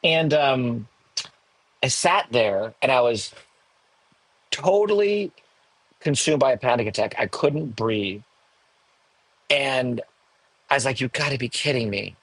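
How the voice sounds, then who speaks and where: Man in his sixties, husky voice, dry close sound, podcast guest, emotional storytelling, wry asides. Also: mid-range voice, slow, long pauses, no echo, rough recording. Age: 60s. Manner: emotional, animated, self-mocking asides. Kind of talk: candid personal storytelling. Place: home in the hills above a large city.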